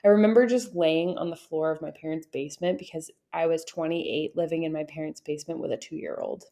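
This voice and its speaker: Earnest low-voiced woman podcast host. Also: a little fast, warm tone. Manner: earnest, reflective, many fillers. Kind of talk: casual chat.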